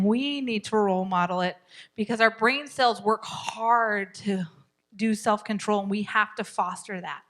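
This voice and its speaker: Bright-voiced woman teaching a parenting class. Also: on the high side. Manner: chatty, laughing, drops to a soft whisper to model calm phrases. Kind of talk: live class talk. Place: church classroom.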